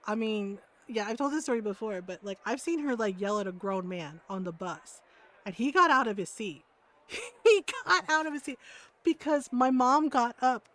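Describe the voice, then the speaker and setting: A woman streams a game from her home setup and chats casually with her viewers. Her voice sits somewhat high, and she tells stories with animated energy. She laughs often and acts out the people she quotes. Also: normal speed. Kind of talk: casual storytelling chat while gaming.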